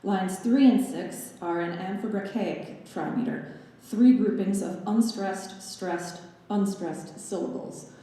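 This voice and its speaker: A woman's voice: medium pitch, takes it slowly, mellow. A young adult woman giving a graduate lecture recital, with wry, playful asides in a scholarly talk. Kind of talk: presented lecture with slide analysis. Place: recital hall. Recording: roomy recital hall reverb.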